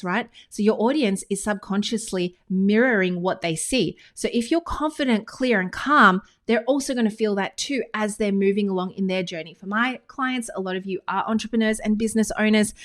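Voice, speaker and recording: A woman with an Australian accent, a business coach giving a casual, chatty lesson to camera, full of quick asides and enthusiasm. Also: medium pitch. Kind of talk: casual teaching monologue to camera. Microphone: screen-recorded talking head with whiteboard.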